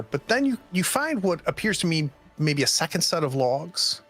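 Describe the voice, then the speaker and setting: A man's voice: a little high, animated, a little slow, long pauses, a bit bright, soft background music. A man running a tabletop horror game as game master, hesitant and full of ums and restarts.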